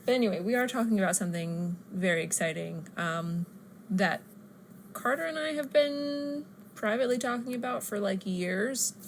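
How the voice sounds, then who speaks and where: A woman's voice: mid-range voice, animated, moderate pace, slight background noise. A woman co-hosting a casual podcast, teasing her partner and laughing easily. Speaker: podcast co-host.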